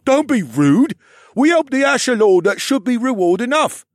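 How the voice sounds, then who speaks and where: Give me a polite, earnest orphan boy in a storybook reading. His voice sits far above the narrator's and swings lively. The sound is dry and close. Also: very high voice, normal speed, dry recording, pitched above the performer's own voice. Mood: scolding. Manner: earnest, scolding his brother. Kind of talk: audiobook character voice.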